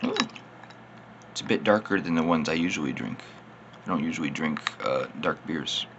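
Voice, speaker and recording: A man's voice: very deep voice, animated, moderate pace, lo-fi sound, noisy background. A man, slightly tipsy, rambling casually through a beer tasting in his vlog and poking fun at himself. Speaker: beer reviewer.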